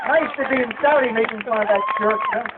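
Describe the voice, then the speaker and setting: A man's voice: huge pitch swings, fast. An American man doing live stand-up comedy, chatting with the audience between jokes. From United States. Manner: conversational, chatting with the crowd. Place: live comedy show venue. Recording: tinny low-fi live recording, crowd noise. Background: audience laughter and murmur.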